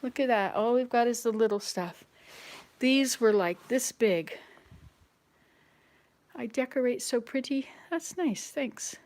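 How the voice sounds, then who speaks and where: A woman's voice: on the high side, animated, slow pace, long pauses, a little mellow. A woman in her sixties, chatting casually at home as she walks around, rambling and playful, laughing at her own slip-ups. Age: 60s. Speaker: vlogger. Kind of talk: casual home vlog chat. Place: at home, walking from room to room.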